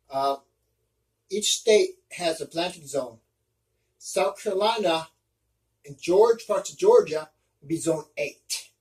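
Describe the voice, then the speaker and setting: A man's voice: sits high, recorded from a distance, low-quality recording. A man giving casual step-by-step practical tips, often restarting his sentences as he explains. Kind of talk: casual instructional talk.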